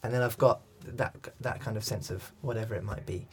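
A man's voice: lowish voice, fairly even intonation, fairly quick, slightly rough. Thoughtful man explaining work. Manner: thoughtful, rambling with restarts. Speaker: accent coach and director. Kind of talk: interview conversation.

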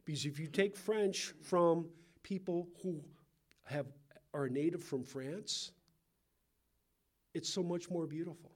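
A man with a Californian accent, teaching a Bible passage in a relaxed, conversational sermon with asides and questions to the listeners. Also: a little high, slow pace, pauses often. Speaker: pastor.

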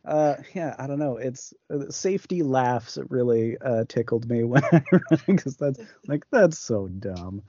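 A man's voice: medium pitch, animated, unhurried, few pauses, dark tone, no room sound, muffled recording. A man co-hosting a podcast, chatting casually about films, with many fillers and restarts. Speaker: podcast co-host. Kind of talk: casual film discussion.

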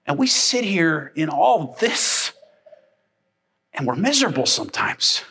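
A man preaching a sermon to a congregation, telling lively everyday stories and acting out the people in them. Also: a little high, unhurried, slightly rough. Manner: animated storytelling, acting out family members. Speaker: pastor.

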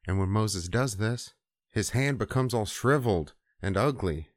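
Guy retelling a bible story all slangy and irreverent, lowish voice, dry sound. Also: measured pace, no echo. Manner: irreverent, slangy, mild swearing. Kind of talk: casual comic retelling of a scripture story.

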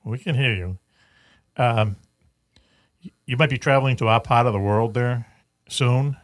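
A man's voice: mid-range voice, a little slow, no room sound, studio quality. A man hosting a radio talk show, joking and teasing his guests in casual banter over a remote link.

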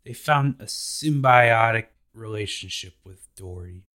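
Chill guy recapping anime on a podcast, slow drawl, lowish voice, slangy. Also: sharp tone. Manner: laid-back, slangy, drawn out. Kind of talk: casual episode recap.

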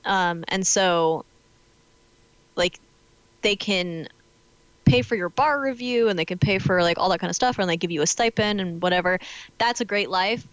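A woman's voice: lowish voice, normal speed, pauses often, clean tone, no echo, muffled recording. A woman in her twenties, a law student, chatting casually with many fillers and frequent laughs. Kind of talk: casual chat.

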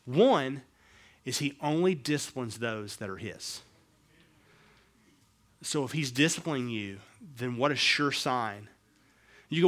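A middle-aged male pastor preaching a sermon, swinging between quiet, low asides and raised, emphatic passages. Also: expressive, a little slow, long pauses.

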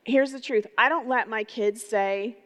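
A middle-aged woman pastor giving an energetic, conversational sermon, often putting rhetorical questions to her congregation. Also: a little high, unhurried. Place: church sanctuary. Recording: long reverb of a large hall.

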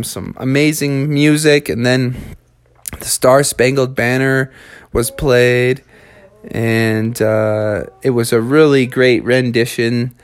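A man's voice: mid-range voice, clean tone, no room sound. A man telling a made-up story to children in a loose, chatty way, with slang and fillers.

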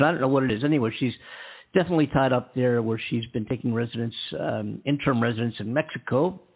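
Gravelly husky man on a tinny line. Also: mid-range voice. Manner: rambling, enthusiastic, many fillers and restarts. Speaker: podcast host. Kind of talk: casual solo podcast chat. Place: California.

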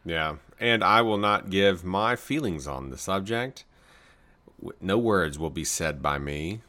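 A man's voice: low voice, lively intonation, unhurried, sharp tone. A man co-hosting a podcast, trading casual, teasing banter. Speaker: podcast co-host. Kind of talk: casual chat.

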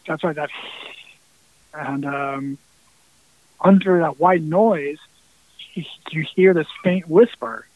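Man, somewhat high-pitched, rambling storyteller who swears casually, heard over a tinny phone-like line. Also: slow, pauses often, no room sound. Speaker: musician guest.

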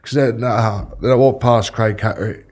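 A man's voice: medium pitch, steady tone, normal speed, a little mellow. A man with an Australian accent, a former rugby league player, telling rambling stories and swearing freely in casual chat.

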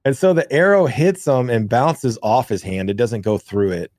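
A man's voice: mid-range voice, moderate pace, dry recording. A man co-hosting a podcast, telling rambling, profane stories from his country childhood in a casual chat. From grew up in the countryside. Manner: rambling, profane, animated storyteller. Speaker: podcast co-host.

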